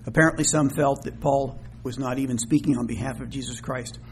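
A man preaching a sermon in an earnest way, often slowing down and rising in pitch and volume when quoting scripture. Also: fairly even intonation, a little hiss or hum. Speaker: minister.

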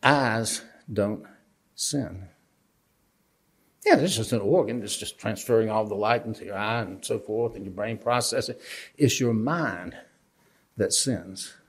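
A man's voice: fairly low pitch, slow, pauses often, breathy edge. A man giving a casual, conversational Bible lesson from a lectern, asking the audience questions and joking at his own expense. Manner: conversational, questioning, self-deprecating humor. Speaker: Bible teacher.

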